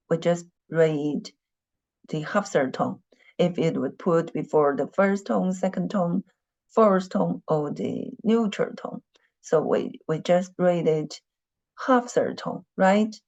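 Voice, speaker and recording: Heard on a dull lo-fi recording, a patient woman whose native tongue is Mandarin walks her class through tones. Her voice sits on the low side with a darkish tone, and she speaks slowly, repeating points and saying "you know" a lot.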